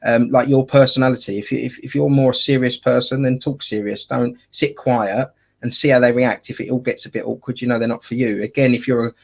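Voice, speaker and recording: Brisk, medium-pitched, and fairly even in intonation with some vocal fry, this Essex-accented man jokes around in casual conversation. He's a wedding photographer who co-hosts a podcast, and his speech is full of fillers and restarts.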